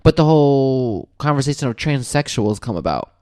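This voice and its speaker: Male podcast host, casual storyteller, mid pitch, lively with quoted voices, dry close sound. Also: normal speed, no echo. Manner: animated, acts out quoted voices, laughs often.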